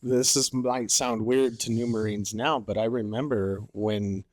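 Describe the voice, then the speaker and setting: Mid-range, a little slow and slightly mellow with fairly even intonation, this man's voice comes through studio-clean with no echo. He's a former Marine swapping war stories on a podcast, casual, loose and profane, leaning hard on "like" and "you know."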